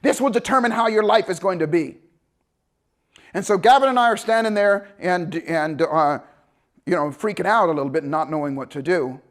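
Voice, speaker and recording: Man with a high, lively storytelling voice. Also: moderate pace. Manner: animated, conversational, acts out voices. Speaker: motivational speaker. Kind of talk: storytelling talk to an audience.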